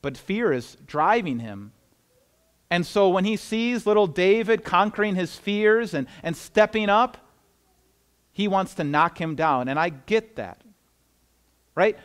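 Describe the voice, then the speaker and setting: High-voiced man preaching a sermon. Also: lively intonation, a little slow, long pauses, clean tone. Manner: earnest, conversational preaching with repeated words and restarts. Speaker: pastor.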